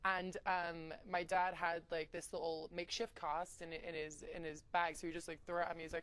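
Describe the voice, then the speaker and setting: A young woman in her twenties with an English accent, a wrestler telling lively stories in a casual interview and acting out what people said. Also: on the low side, fast talker, hardly any pauses. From England. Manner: chatty, animated, acts out quotes with laughs. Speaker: wrestler, guest.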